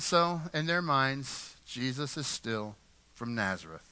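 Bright-voiced man preaching a casual sermon. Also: mid-range voice, lively intonation, takes it slowly, clear, resonant tone. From Pittsburgh. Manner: conversational, repeats words, asks the congregation questions. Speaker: pastor.

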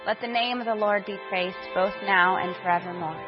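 A woman's voice: mid-range voice, a little fast. A woman reading scripture aloud in a solemn way at a church service. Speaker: scripture reader. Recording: muffled recording over music.

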